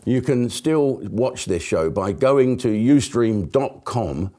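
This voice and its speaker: A man's voice: mid-range voice, animated, takes it slowly, mellow. A man hosting a live show, delivering a chatty, rambling comic monologue full of swearing and asides. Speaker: host. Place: broadcast studio.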